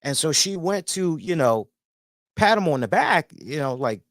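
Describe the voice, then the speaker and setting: A man's voice: on the high side, a little slow, dry recording, studio quality. A man hosting a casual review show, telling a rambling story with plenty of swearing. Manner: animated, rambling, swears freely. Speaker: host and columnist.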